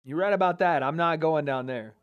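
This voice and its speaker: A man's voice: a little high, a little fast, clean tone, muffled recording. A man hosting a casual livestream watch party, reading chat comments aloud and joking and trash-talking with lots of laughter. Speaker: livestream host.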